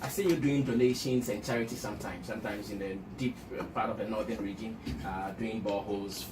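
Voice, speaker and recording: A man's voice: fairly low pitch, steady tone, quick pace. A male interviewer asks direct questions and keeps the talk moving with brief encouraging replies. He sounds far from the mic in a reverberant room. Noise is constant in the background. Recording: echoey room, distant mic, noisy.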